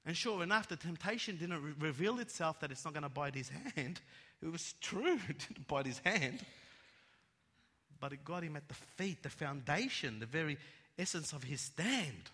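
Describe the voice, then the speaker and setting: Male preacher, emphatic sermon delivery, slightly high voice, long hall reverb. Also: expressive, moderate pace, breathy edge. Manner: emphatic, repeats words, swings from loud to hushed.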